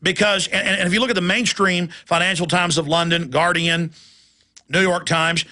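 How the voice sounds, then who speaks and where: A man's voice: sits high, steady tone, normal speed, pushed and bright. A man hosting a talk radio show, delivering an emphatic, ranting monologue.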